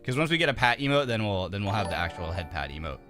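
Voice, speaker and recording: A man's voice: on the low side, big pitch swings, fast talker, pushed and bright, faint music behind. A young man on a casual livestream, cheerfully welcoming viewers by name and thanking them, often stumbling over names. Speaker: streamer.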